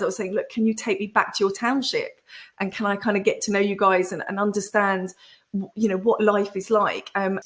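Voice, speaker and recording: A woman in the middle of her speaking range tells her story candidly as an interview guest. She is animated and acts out remembered conversations. She restarts her sentences often and fills pauses with "um". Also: medium pitch. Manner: frequent fillers and restarts. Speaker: podcast guest, entrepreneur.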